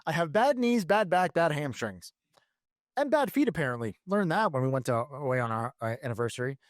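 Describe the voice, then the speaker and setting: Lively, high-voiced man telling stories. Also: brisk, no room sound, studio quality. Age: 30s. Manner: animated storyteller, swears freely. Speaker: podcast co-host. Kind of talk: casual chat.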